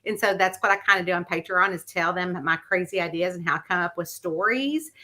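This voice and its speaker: A woman's voice: fairly low pitch, fairly quick. A woman, a mystery author chatting casually to her viewers and acting out the story she tells. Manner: animated storyteller who acts out the voices in her anecdotes. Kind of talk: casual chat vlog.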